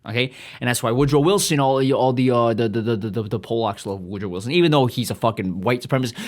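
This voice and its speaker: Fast, profane male host riffing alone, boastful and scattered. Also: medium pitch. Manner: profane, rambling, self-aggrandizing. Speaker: podcast host. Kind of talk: rambling comedic monologue.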